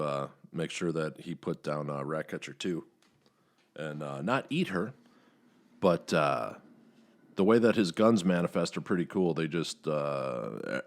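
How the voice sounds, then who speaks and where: Deep-voiced man rambling through a movie recap. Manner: rambling, many "uh" fillers, profane, acts out quotes in higher voices. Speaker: podcast host reviewing a movie.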